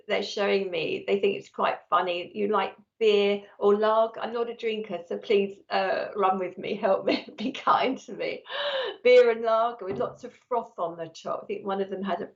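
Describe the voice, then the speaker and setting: A woman's voice: mid-range voice, vocal fry, highs cut off. A woman working as a psychic medium, giving a live-streamed reading and talking nonstop in an effusive, chatty way.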